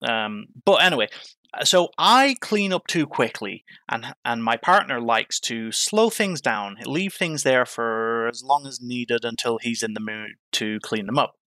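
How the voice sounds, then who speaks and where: A man speaking at a mid pitch into a podcast mic, close and dry with no room sound. He talks candidly and reflectively, pausing often and restarting his sentences as he works through his thoughts. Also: pushed and bright, dry recording. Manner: reflective, halting, many fillers and restarts. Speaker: podcast guest. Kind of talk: candid interview conversation.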